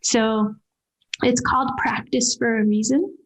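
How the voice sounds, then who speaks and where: A woman's voice: on the high side, fairly even intonation, a little slow, low-quality recording. A woman veterinarian, a podcast guest, telling a personal story earnestly and emotionally, often restarting her sentences. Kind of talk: candid interview storytelling.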